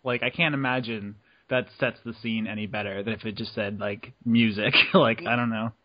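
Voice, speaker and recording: A man's voice: lowish voice, fairly even intonation, normal speed, highs cut off. A man co-hosting a podcast in casual chat, teasing the others and laughing often. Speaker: podcast co-host.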